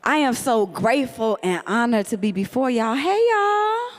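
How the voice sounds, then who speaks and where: A woman's voice: a little high, normal speed. A woman poet from the South Side of Chicago, with a Chicago accent, greeting the audience on stage and leading call-and-response. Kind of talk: stage greeting before a poetry set. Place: large event hall. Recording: reverberant hall.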